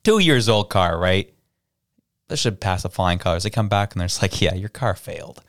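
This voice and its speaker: A man's voice: deep voice, steady tone, moderate pace, no echo, studio quality. A man co-hosting a podcast, chatting casually and acting out the people in his stories. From Canada. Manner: storytelling, acts out quoted people. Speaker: podcast co-host. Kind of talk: casual chat.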